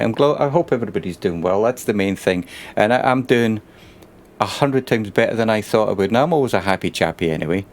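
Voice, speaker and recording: A man streaming a bus-driving game, chatting and thanking viewers in an emotional, rambling way. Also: lowish voice.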